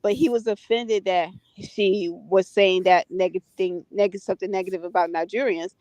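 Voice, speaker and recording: A woman's voice: medium pitch, steady tone, normal speed, a little mellow, dry recording. A woman from the United States chatting casually, retelling a story and often checking in with "right?" and "you know". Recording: dull, dry lo-fi audio.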